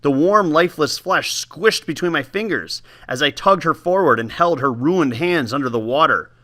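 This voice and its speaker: A man tells a story aloud with lively expression, his pitch moving up and down all the time. His tone is very bright and forward. He reads like a teacher sharing a book. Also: moderate pace. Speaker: teacher giving book talks. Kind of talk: reading a novel aloud.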